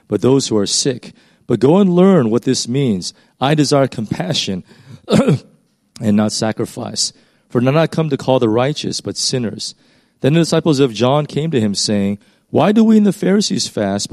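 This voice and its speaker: A man's voice: medium pitch, darkish tone, no room sound, clean studio sound. A man, a pastor, reading a Bible passage aloud and then explaining it in a casual teaching voice with fillers and restarts.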